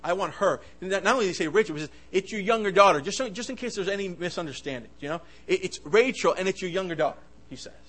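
A man delivers a fervent sermon in a slightly high voice. He swings between loud, emphatic bursts and hushed asides. He often stumbles and restarts his words as he goes. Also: animated, fast, hardly any pauses, low-quality recording. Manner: impassioned, swings loud and soft, stammering restarts. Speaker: preacher.

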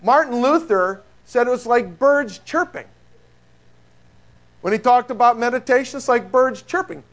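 High-voiced animated male preacher. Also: moderate pace. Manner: animated, conversational preaching with rhetorical questions. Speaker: pastor. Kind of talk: sermon.

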